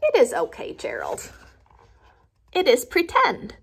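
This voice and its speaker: A woman voicing a calm, playful female pig who pretends to be a frog, in a matter-of-fact, deadpan storybook manner. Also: high-pitched, takes it slowly, gravelly, heavily acted. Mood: reassuring.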